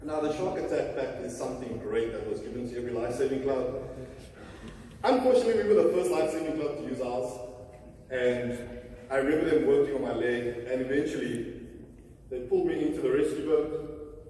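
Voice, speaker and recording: A South African man in his thirties, a motivational speaker telling a humorous personal story to a conference audience, often turning to the crowd with "okay?" and "ladies and gentlemen". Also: medium pitch, a little fast, a little hiss or hum. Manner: animated, humorous, addresses audience directly. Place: large conference hall. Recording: roomy hall from far off.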